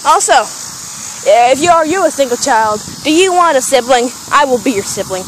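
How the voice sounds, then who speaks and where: Giddy and rambling, this young vlogger squeals and screams her way from the kitchen out into the yard in a hyper solo video. She speaks with a high, animated voice at a moderate pace, and the home camera audio is noisy.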